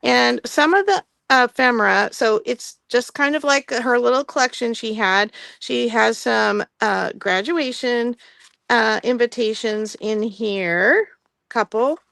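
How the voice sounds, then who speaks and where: A woman's voice: a little high, slow pace, creaky, a bit bright, no echo. A woman hosting a live online sale, chatting casually about vintage items and laughing often between filler words.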